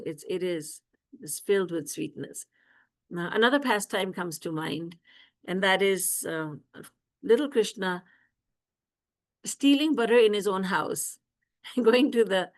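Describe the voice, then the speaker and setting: A woman spiritual teacher telling devotional stories in an animated way, often laughing and acting out scenes, over a video call. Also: medium pitch. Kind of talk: devotional storytelling discourse.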